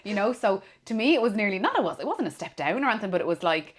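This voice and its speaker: An Irish woman in her thirties, a former police officer, telling stories in a relaxed chat and acting out the voices of people she quotes. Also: medium pitch, racing, very noisy. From Ireland. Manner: animated storyteller, acts out quoted voices. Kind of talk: casual conversation.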